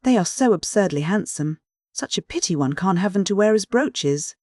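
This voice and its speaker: Brief: reader doing opinionated young English lady, audiobook, mid-pitched, dry booth sound. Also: animated, darkish tone, no echo, natural voice. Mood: light. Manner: brisk, opinionated and teasing. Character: lively, wholehearted young Englishwoman. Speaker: character in an audiobook. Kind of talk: audiobook reading.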